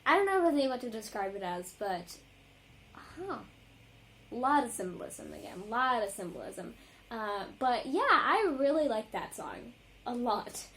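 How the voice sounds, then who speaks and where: A woman vlogger reacting to music in a casual, rambling chat, full of ums and likes and quick apologies. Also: a little high, big pitch swings, fairly bright tone, slight background noise.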